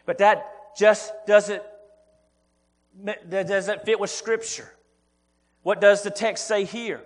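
A man's voice: high voice, fairly even intonation, slow pace. A man preaching a sermon as pastor, earnest and repeating words as he presses his points, calling the listeners folks. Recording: long hall reverb.

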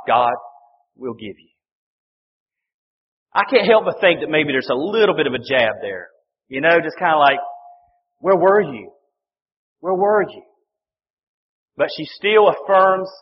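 A man's voice: fairly high pitch, expressive, normal speed, slightly rough. Male pastor, earnest, chatty sermon delivery, lo-fi recording. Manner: earnest, conversational, addresses listeners as folks. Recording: dull sound with long reverb in a hall.

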